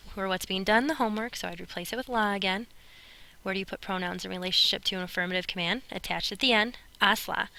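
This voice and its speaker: A woman's voice: medium pitch, vocal fry, pushed and bright. A woman teaching Spanish grammar in recorded lecture notes, explaining patiently with playful asides as she draws on screen.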